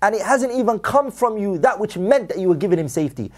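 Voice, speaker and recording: A man teaching a religious lecture, quickly reciting Arabic texts and then translating them with emphatic repetition. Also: sits high, lively intonation. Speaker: Islamic teacher.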